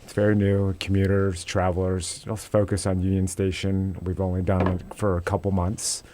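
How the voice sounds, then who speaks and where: Low-voiced man, halting and upbeat. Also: monotone, noisy background. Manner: halting, repeats words, upbeat. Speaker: restaurant regional director, guest. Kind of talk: casual interview. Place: radio studio.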